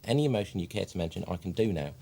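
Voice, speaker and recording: An actor playing an earnest, deadpan male publisher who is a clueless amateur actor, talking in halting, literal asides. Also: low-pitched, vocal fry, slight background noise. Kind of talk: mock documentary interview.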